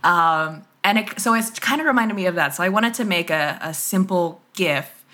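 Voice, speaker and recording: Bright-toned woman chatting as a guest. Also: lowish voice, lively intonation, normal speed. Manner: rambling, laughs often, many fillers and restarts. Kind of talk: casual interview chat.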